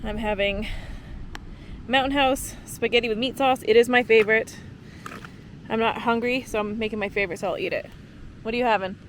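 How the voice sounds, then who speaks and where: A woman from Vancouver Island talks casually to a handheld camera out on a mountain trail. She is tired but chatty and easily excited, and her voice sits slightly high. Faint background noise runs under her voice. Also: fairly quick, long pauses. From Vancouver Island, Canada. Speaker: long-distance hiker vlogging.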